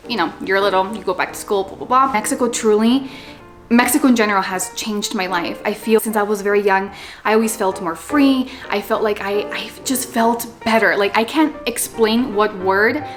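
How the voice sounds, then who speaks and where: A young woman talking casually to the camera at home, chatty and animated, slipping Spanish words into her English. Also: mid-range voice, normal speed, faint music behind. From Los Angeles, USA. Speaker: vlogger. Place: home with a Christmas tree.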